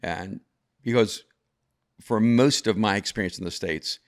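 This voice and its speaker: Man over fifty, from El Salvador, lowish pitch, reflective, repeats words as he goes. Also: a little slow. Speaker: guest. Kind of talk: conversational storytelling.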